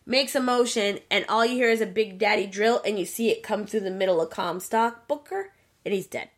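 A woman co-hosting a casual chat, retelling a game's plot in an animated way with plenty of swearing. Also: mid-range voice, fairly quick. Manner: profane, animated storyteller. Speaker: podcast co-host.

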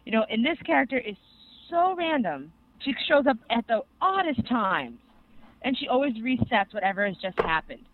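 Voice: mid-range voice, normal speed. Rambling young podcast co-host, tinny sound. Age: young adult. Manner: rambling, excitable storytelling with many fillers. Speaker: co-host reviewing anime. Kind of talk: casual podcast chat.

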